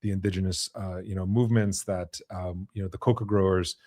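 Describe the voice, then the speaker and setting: A low-voiced man hosts a podcast conversation, working through his points with lots of "you know" and restarts. His voice is recorded close and dry, with no room sound. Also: steady tone, darkish tone, dry recording. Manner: halting, many fillers and restarts. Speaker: podcast host. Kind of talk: conversational interview.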